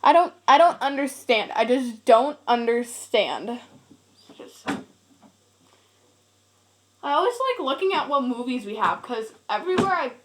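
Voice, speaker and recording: A woman's voice: high-pitched, animated, a little slow, long pauses, noisy background. A teenage girl rambling casually into her camera at home, full of "like" and giggly asides. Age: teens. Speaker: vlogger. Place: home, indoors. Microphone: camera set on a shelf.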